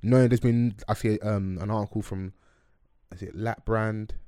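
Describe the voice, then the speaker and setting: A man's voice: on the low side, clear, resonant tone, no echo. A young man hosting a podcast, chatting casually with slang and jokes into a close mic. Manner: quick, animated and joking, heavy with slang. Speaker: podcast host.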